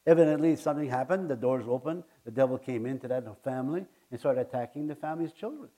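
Male preacher, slightly high voice, earnest, stumbles and repeats himself mid-sermon. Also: dark tone. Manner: earnest, halting, often repeats words.

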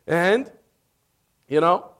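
A man preaching a sermon, retelling the story with lively acted-out voices and frequent laughs. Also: high-pitched. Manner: animated, acts out voices, laughs often. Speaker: pastor.

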